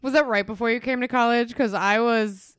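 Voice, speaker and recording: Playful young woman, smooth clear voice. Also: on the high side, fairly even intonation, fairly quick, a bit bright, dry recording, clean studio sound. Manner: playful, reacts and jokes. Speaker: podcast co-host. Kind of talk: casual podcast chat.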